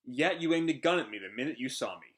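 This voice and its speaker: A man voicing a calm, blunt male ex-gang member from a manga, speaking in a matter-of-fact way. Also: medium pitch, fast, lightly acted.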